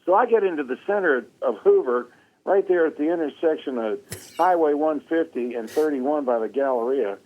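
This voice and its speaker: A man telling a funny story in a casual chat, animated and laughing often, acting out the quotes. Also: on the high side, moderate pace, phone-quality sound. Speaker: guest.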